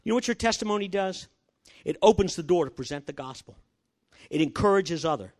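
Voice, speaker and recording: An older male preacher tells a testimony story with a lively voice that swings widely in pitch. He sits a little above the usual male range and acts out each exchange as he tells it. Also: normal speed. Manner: storytelling, acts out dialogue, chuckles. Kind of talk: sermon with personal testimony story.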